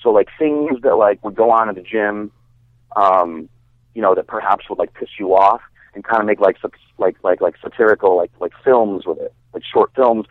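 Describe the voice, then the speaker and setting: Low-voiced man on a tinny line. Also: moderate pace, no room sound. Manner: rambling, filler-heavy, swears freely. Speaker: guest bodybuilder. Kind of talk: casual storytelling. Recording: dry, tinny phone-like sound.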